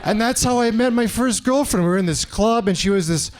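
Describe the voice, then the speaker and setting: A man's voice: sits high, a little fast. A man in his forties from Canada doing a stand-up set on a club stage, telling stories animatedly and acting out other people's voices. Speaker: stand-up comedian. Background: audience laughter.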